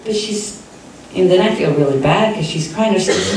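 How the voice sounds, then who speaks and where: A woman from South Texas telling a personal story to a live audience as host, animated and acting out other people's voices. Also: lowish voice, moderate pace, a little hiss or hum. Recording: echoey live room from a distant mic.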